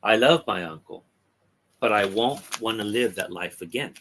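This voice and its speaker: A man's voice: lowish voice, normal speed, fairly bright tone, a little hiss or hum. A man reading as a wistful young woman. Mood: quiet. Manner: plain reading, with little change of voice. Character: wistful young woman rejecting her lover. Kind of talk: reading comic dialogue aloud.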